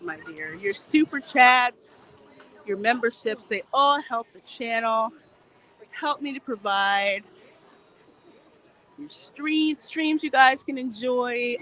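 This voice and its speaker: Walking around a theme park, a female host runs a casual livestream in a voice on the high side and a bit bright. She chats, laughs often and reads out viewer comments while faint outdoor noise plays in the background.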